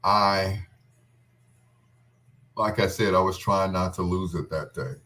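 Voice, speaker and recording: A man fondly recalling a wedding in casual, heartfelt talk. He is tearful and halting, full of restarts and trailing pauses. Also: deep voice, steady tone, bright, forceful tone. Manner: tender and tearful.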